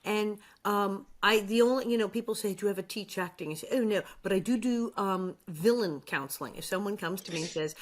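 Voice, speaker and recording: A woman in her sixties, an actress guest chatting casually and telling animated stories with acted-out quotes. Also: mid-range voice, a little fast, hardly any pauses. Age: 60s. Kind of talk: casual chat.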